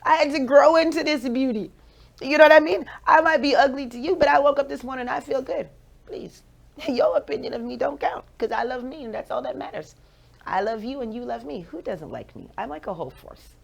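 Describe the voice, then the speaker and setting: A woman in her forties with a Jamaican accent, hosting a radio show with playful, animated motivational talk. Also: sits high, brisk, gravelly. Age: 40s.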